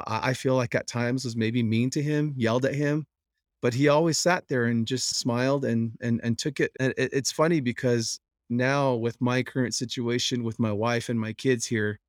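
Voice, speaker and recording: A middle-aged man telling lively stories about his late father, acting out the voices he quotes. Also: medium pitch, no room sound, studio quality. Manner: animated, quick to act out quoted voices. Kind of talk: personal storytelling.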